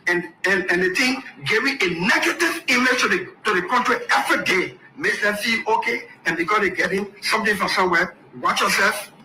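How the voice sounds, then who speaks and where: A man speaking as a government official, giving a public statement and repeating his warnings emphatically, recorded in an echoey room with loud background noise. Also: high voice.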